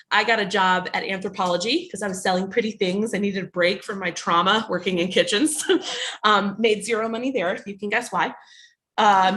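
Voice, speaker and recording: A woman in her thirties with a New Jersey accent talks to a bookstore crowd, joking at her own expense and laughing between stories. Her voice is bright and forward, neither high nor low. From New Jersey, USA. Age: 30s. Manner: jokey, self-deprecating, laughs often. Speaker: author speaking at a bookstore event. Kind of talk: casual, self-mocking talk to an audience.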